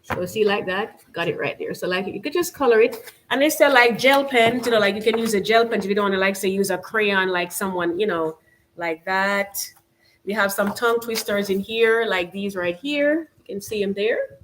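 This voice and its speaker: A woman's voice: medium pitch, moderate pace, fairly bright tone, slight background noise. A woman from Jamaica with a Jamaican accent, hosting a casual live stream and chatting loosely, with many "you know"s and "like"s. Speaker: channel host.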